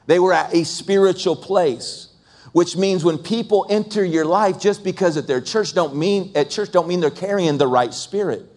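A man's voice: high voice, normal speed, darkish tone. A male pastor preaching a sermon in an emphatic voice, piling up repeated phrases. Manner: emphatic, repetitive lists.

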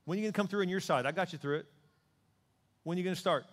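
A man's voice: high-pitched, very fast, voice pushed up, natural voice. A man voicing God as a stern, sarcastic male figure who scolds a believer in a reverberant church hall. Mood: scolding. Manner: blunt, sarcastic questioning.

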